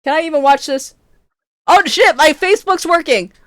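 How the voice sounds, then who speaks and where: A woman streamer talks in a high, bright-sounding voice during casual livestream chat. She rants with constant swearing and keeps bursting into laughter. She gets loud enough to peak her mic. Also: lively intonation, normal speed, no room sound, studio quality. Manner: profane exasperated ranting, often breaking into laughter.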